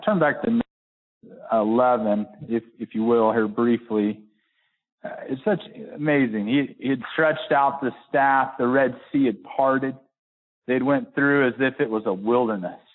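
Guy preaching, folksy, lots of restarts, goes way up and slows down to hammer a point, sounds tinny like a phone call. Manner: builds to high emphatic peaks, slows to stress words. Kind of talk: sermon with scripture reading.

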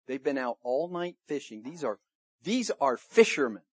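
A man preaching a sermon to his church, retelling the story in a lively way and acting out the people he quotes. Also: mid-range voice, moderate pace, slightly rough, no echo. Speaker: pastor. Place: church service room.

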